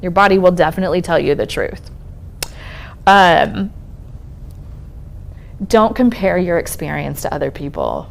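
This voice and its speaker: A woman's voice: fairly low pitch, very animated, unhurried, vocal fry, pauses often, a little hiss or hum. A woman therapist giving a conversational talk to an audience at a college event, reassuring and checking in often. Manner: conversational, reassuring, frequent "um" and "okay?" check-ins. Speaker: speaker on trauma and resilience, therapist. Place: lecture room at a college event.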